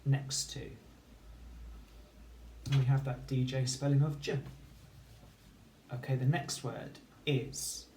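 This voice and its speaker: A man teaching children phonics, slowly sounding out letters and syllables one at a time in a clear, patient way. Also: medium pitch, steady tone, mellow, slight background noise. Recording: echoey room with faint ambience.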